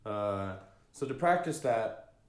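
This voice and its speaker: A man teaching fiddle bowing in a relaxed, unhurried way, often pausing with ums and singing out rhythms. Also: lowish voice. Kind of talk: relaxed spoken music lesson. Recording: echoey room with fiddle playing.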